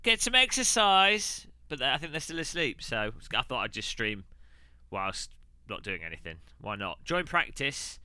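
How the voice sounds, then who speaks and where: Bright, crisp streamer. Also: male voice, fairly low pitch, animated, no echo. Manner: chatty, rambling, quick asides. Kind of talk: casual live-stream chat while sim racing.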